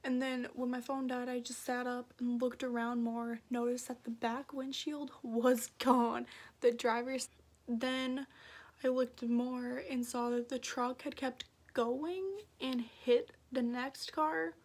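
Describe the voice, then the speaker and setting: High-voiced young woman, soft and whispery. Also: fairly even intonation, takes it slowly. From Minnesota, USA. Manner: soft-spoken, often slipping into a breathy whisper. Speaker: vlogger. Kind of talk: casual storytelling to camera.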